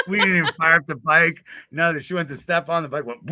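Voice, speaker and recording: Laid-back, cussing storyteller man with a bright voice. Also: a little high, dry recording. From Florida. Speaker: blues musician guest. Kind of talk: casual storytelling.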